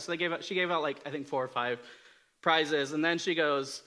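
A man preaching in a relaxed, storytelling way, with a clear, bright voice that sits a little high. He pokes fun at himself and stops to restart with an "um" or "uh" before he goes on. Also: fairly quick. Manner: conversational, self-deprecating humor, frequent fillers and restarts. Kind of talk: casual storytelling sermon.

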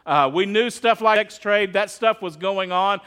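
A man's voice: high-pitched, a little slow, fairly bright tone, clean tone. A middle-aged male pastor preaching a sermon in a conversational, storytelling way, acting out quotes as he goes.

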